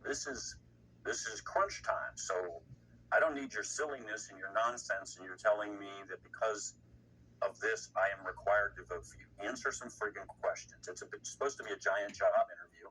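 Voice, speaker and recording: Blunt, indignant man with a low voice. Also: moderate pace, sharp tone, slightly rough. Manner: blunt, indignant, rambling with restarts. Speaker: guest commentator. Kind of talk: political commentary. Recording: distant mic with faint noise.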